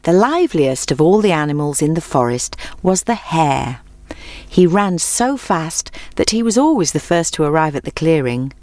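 Woman storybook narrator, low voice, measured, dry close sound. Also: very animated, a little mellow, no room sound. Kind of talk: storybook reading.

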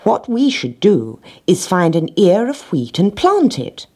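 A woman's voice: mid-range voice, sing-song, measured pace, warm tone, breathy edge, voice pushed up. A woman voicing an earnest, bossy little hen in a storybook reading. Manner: earnest, persuasive, explaining.

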